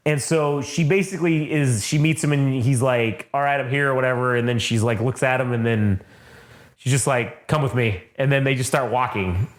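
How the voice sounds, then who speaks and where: A man co-hosting a casual show review, recapping the plot in a loose, profane way and acting out quick quotes. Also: medium pitch. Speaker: podcast co-host.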